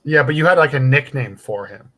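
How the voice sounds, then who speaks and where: A man's voice: medium pitch, lively intonation, fairly quick, sharp tone. A man hosting a casual podcast chat, laid-back and profane, saying "dude" a lot. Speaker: podcast host.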